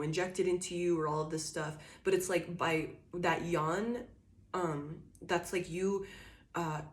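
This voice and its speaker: A woman giving a casual tarot reading who laughs a lot and swears freely, swinging from loud bursts to quiet musing. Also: low voice. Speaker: tarot reader.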